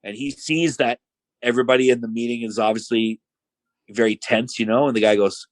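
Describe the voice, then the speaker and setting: A man's voice: medium pitch, a little fast, no echo, rough recording. A middle-aged man telling stories in a casual chat, acting out quotes in voices and saying "like" and "you know" often. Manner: animated storyteller who acts out quotes in voices; filler-heavy, says "like" and "you know" often. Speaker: podcast guest.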